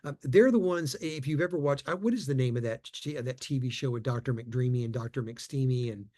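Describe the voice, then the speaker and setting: A man giving a conference talk, telling a personal story in a lively way, often repeating words and acting out the voices of people he quotes. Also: medium pitch, a little fast. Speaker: conference speaker.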